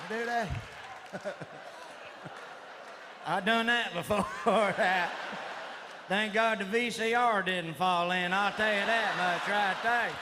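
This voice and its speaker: Man, stand-up comic, loud redneck catchphrases, live room noise, audience laughing. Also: high voice, steady tone, slow pace, long pauses, crowd noise. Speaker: stand-up comedian. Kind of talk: stand-up comedy routine. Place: comedy stage before a live audience.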